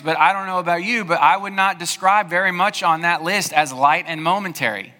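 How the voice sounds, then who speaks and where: A man's voice: high voice, fairly quick, few pauses, bright, forceful tone, long reverb tail. A male pastor preaching a sermon, talking conversationally and checking in with rhetorical questions.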